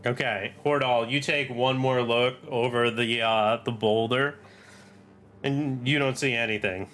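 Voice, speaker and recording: A man running a tabletop game as dungeon master, describing scenes in a casual, halting way with fillers. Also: mid-range voice, steady tone, fairly bright tone.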